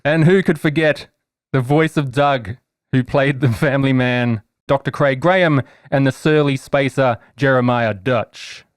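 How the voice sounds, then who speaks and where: A man's voice: medium pitch, a little slow, hardly any pauses, clean tone, no room sound, clean studio sound. A man hosting a tabletop game podcast, introducing guests with an upbeat, teasing manner. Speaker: podcast host and game master. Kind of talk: casual podcast chat.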